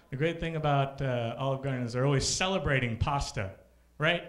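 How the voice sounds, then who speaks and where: High-voiced man hosting stand-up. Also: moderate pace. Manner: animated, shouting mock rants in put-on voices. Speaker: stand-up comedy host. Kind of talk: stand-up comedy. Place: comedy club stage.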